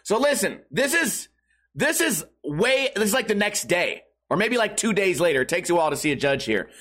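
A man's voice: high-pitched, sing-song, moderate pace, a bit bright. A man hosting a comedy show, ranting casually with constant swearing and laughing at his own jokes. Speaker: comedy podcast host. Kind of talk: profane comedic rant.

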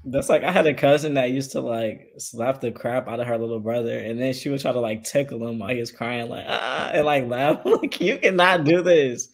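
A man on a podcast panel, giving his opinions in a measured but emphatic casual way. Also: mid-range voice, gravelly. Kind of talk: casual chat.

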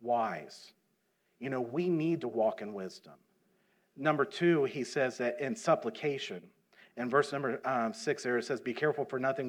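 A man's voice: mid-range voice, moderate pace. A middle-aged man, a missionary preacher, telling a story from the field in a folksy way and building to emphatic preaching in a church. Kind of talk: sermon with personal story. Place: church sanctuary.

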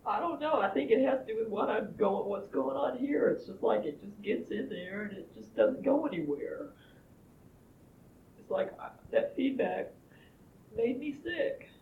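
A woman's voice: a little high, expressive, normal speed, a little hiss or hum. A woman at a training workshop pouring out her anger, swearing and near tears, recorded in a room with a group around her. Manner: angry, swearing, pouring out frustration. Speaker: workshop participant. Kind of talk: emotional group process sharing. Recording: muffled roomy workshop recording.

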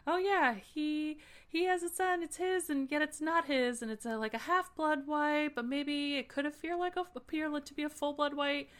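A woman's voice: high-pitched, normal speed, fairly bright tone, pitched above the performer's own voice. A woman putting on a frantic dying messenger girl. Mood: rambling. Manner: rambling, hesitant, frantic.

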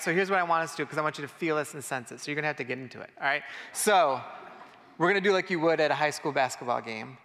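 A man's voice: fairly high pitch, pushed and bright, a little hiss or hum. A man preaching a casual, conversational sermon and directing his congregation, talking loosely with fillers. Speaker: pastor. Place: church hall. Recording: reverberant hall.

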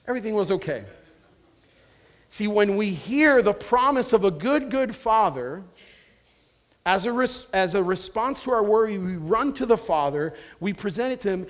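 A pastor delivers a sermon in a high-pitched male voice. He talks earnestly and conversationally, restarting phrases now and then as he works through his points.

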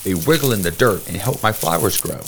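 A man voicing a spunky young girl who owns a rooster, speaking in a higher, bossy voice. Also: expressive, fairly quick, a little hiss or hum. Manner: bold, bossy, higher girlish voice.

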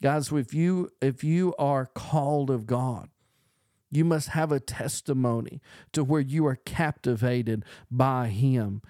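A man's voice: medium pitch, slow pace, dark tone, dry recording, clean studio sound. A man preaching a podcast sermon in an earnest, emphatic way, building on repeated phrases.

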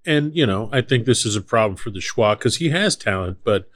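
A man co-hosting a casual podcast, playful, slowing down to explain things. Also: on the low side, animated. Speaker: podcast co-host. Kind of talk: casual banter.

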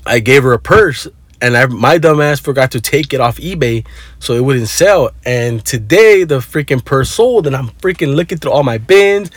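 Speaking at normal speed in an animated, mid-range voice, a man tells a meandering vlog story on his phone. He curses freely, sprinkles in Spanish, and stays laid-back throughout, with a dry recording.

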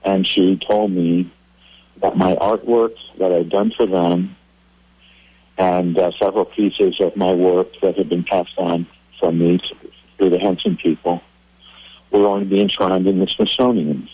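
A husky-voiced man calling in as a guest, spinning an animated story. The sound is dry and close, as if over a phone line. His pitch climbs as the story gets exciting. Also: unhurried, no echo. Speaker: cartoonist guest.

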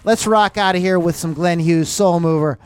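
A man's voice: high voice, moderate pace, smooth. A man hosting a rock podcast in a loose, rambling, jokey way. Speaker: podcast host. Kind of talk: casual chat.

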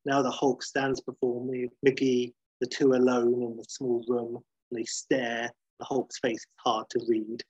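A man tells a story in a husky, dry voice, casual and animated. He acts out the action with gusto and leaves in plenty of fillers. His voice sits at an ordinary pitch. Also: dry recording, highs cut off. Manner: lively, acts out scenes, fillers.

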